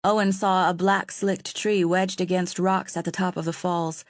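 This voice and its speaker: Low-voiced woman reading a story. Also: flat delivery, normal speed, dry recording, studio quality. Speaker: audiobook narrator. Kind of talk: scripted narration.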